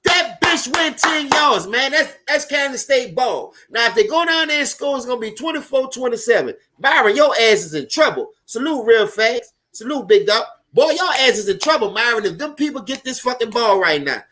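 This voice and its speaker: Profane, animated New Orleans man, high voice. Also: a little fast, hardly any pauses. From Louisiana. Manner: loud, profane, animated, chatting with viewers. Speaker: sports stream host. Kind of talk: casual live sports commentary.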